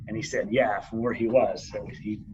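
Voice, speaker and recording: A man's voice: on the low side, little pitch movement, normal speed, darkish tone, dull audio, slight background noise. A middle-aged man co-hosting a podcast from an office conference room, chatty and joking in casual chat. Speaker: podcast co-host. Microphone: laptop mic.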